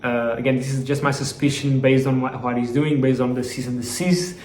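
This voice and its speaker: A man's voice: medium pitch, steady tone, a little fast, a little mellow, slight background noise. A man giving a casual, rambling vlog update as a startup founder, with lots of fillers and restarts. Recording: roomy echo, faint background ambience.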